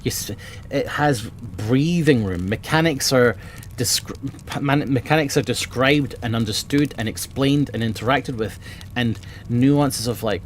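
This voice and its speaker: Streamer, male, mid-pitched, rambling, eager, casual swearing, faint background hiss. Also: measured pace. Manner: rambling and enthusiastic, swears often. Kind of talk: casual chat about books. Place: home room with bookshelves.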